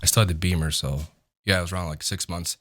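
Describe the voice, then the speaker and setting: Deep, bright-edged man. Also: steady tone, fast talker. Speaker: guest, acting coach. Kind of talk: casual storytelling.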